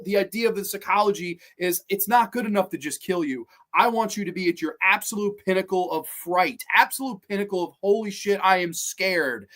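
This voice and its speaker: A man hosting a horror movie countdown show in a casual, rambling style, excited and swearing freely. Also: sits high.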